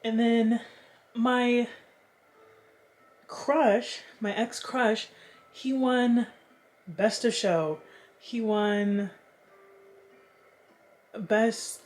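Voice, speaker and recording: A young woman vlogging in casual chat, chatty and animated, swearing freely as she talks. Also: medium pitch, extremely slow, pauses often.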